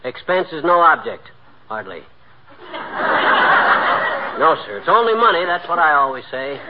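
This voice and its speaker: A man's voice: fairly high pitch, sing-song, moderate pace. An actor playing a boastful, tight-fisted small-town man in a 1940s radio comedy, brash and blustery. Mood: bragging. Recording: hissy muffled old radio broadcast.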